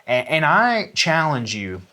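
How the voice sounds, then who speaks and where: A man talking casually as a guest, rambling with restarts and trailing off more quietly at the ends of his thoughts. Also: on the high side, sing-song, takes it slowly. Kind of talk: casual chat.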